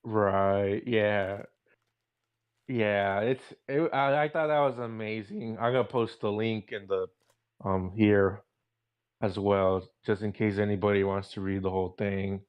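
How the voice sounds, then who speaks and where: A man with a low, smooth voice talks in a measured, hesitant manner. His intonation stays flat as he chats casually on a podcast. He trails off into fillers between thoughts. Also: highs cut off. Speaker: podcast co-host. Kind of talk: casual political chat.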